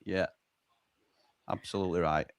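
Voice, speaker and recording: A man's voice: low-pitched, fairly even intonation, normal speed, dry recording, studio quality. A man hosting a casual football watchalong, reading out viewer comments with wry remarks. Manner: reads out chat messages, chatty and wry.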